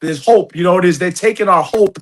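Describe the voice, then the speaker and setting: A man's voice: high voice, fast talker. A middle-aged man hosting a podcast, talking bluntly and profanely in a heated, casual rant. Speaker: podcast host.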